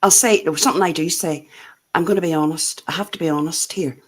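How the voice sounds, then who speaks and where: A woman's voice: sits low, fast talker. A woman with a Scottish accent, co-hosting a casual livestream chat and laughing often. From Scotland. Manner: laughs often, admits she is bad at accents.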